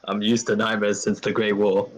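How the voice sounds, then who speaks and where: A man playing a tabletop role-playing game, describing his character's actions in a gruff, swearing manner. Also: fairly low pitch, level tone, normal speed. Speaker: player. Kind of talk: casual tabletop role-play.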